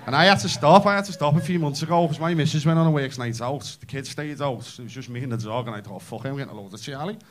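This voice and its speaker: Brash, high-voiced Scouse comedian. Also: male voice. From Liverpool, England. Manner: brash, sweary, fast storytelling. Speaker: stand-up comedian. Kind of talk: stand-up comedy. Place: comedy club stage.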